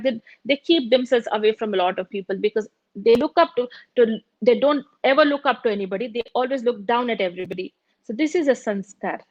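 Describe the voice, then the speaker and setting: A woman's voice: fairly high pitch, no echo, low-quality recording. A middle-aged woman teaching meditation in a spiritual talk, telling stories and acting out the dialogue in them. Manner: storytelling, acts out quoted dialogue.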